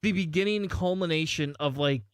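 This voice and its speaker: A man's voice: on the high side, normal speed, smooth, dry recording. A man hosting a podcast in casual banter, rambling and cutting himself off as he jokes. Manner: rambling, self-interrupting, joking. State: has been drinking. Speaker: podcast host.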